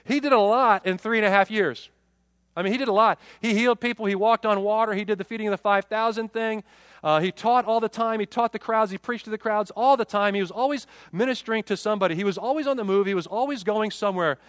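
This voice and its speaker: A man's voice: high-pitched, quick pace, no room sound, studio quality. A man in his forties, a pastor preaching a sermon, often repeating words as he goes. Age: 40s.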